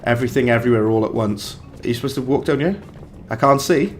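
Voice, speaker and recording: Brief: young male game streamer, mid-pitched voice, talkative, reacts out loud as he plays. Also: fast, slight background noise. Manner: chatty, reacts aloud and banters with chat. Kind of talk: live gameplay commentary.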